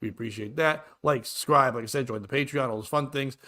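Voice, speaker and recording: A man's voice: medium pitch, a little fast, pushed and bright. A man hosting a casual comedy morning show, telling rambling stories full of stammers and restarts. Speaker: podcast host.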